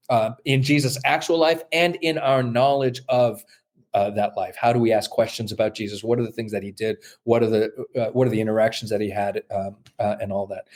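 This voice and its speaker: Halting, thoughtful male scholar explaining. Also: fairly low pitch, darkish tone. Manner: thoughtful, halting, many fillers and restarts. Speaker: New Testament scholar, guest. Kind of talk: explaining in an interview.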